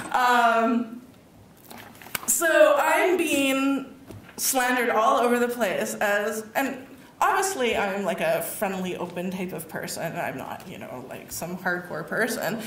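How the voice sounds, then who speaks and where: A woman tells her story to an audience in an animated way, laughing and acting out what others said. Her voice sits a little high. The sound is heavily echoey and recorded from far away, as if picked up across a hall. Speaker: award recipient giving a speech. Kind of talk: personal speech to an audience. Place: public event hall.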